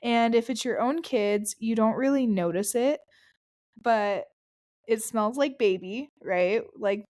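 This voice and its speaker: A woman's voice: fairly high pitch, takes it slowly, darkish tone. A woman who works as a birth doula, talking casually in a chatty, rambling way. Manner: chatty, rambling, often laughing. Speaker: birth and postpartum doula, guest. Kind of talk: casual chat.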